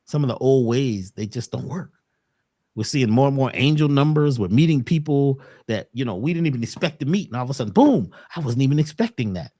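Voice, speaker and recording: A man giving a calm, preachy spiritual talk as a guest on an online show. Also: mid-range voice, brisk, no room sound, clean studio sound. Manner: calm, preachy, rhythmic phrasing. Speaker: guest speaker.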